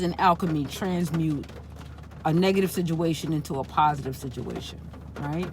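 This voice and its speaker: A woman's voice: on the low side, slight background noise. A woman speaking in a casual, rambling spiritual monologue, repeating herself and tagging her points with "right?". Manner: rambling and repetitive, frequent "right?" tags. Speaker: spiritual channel host.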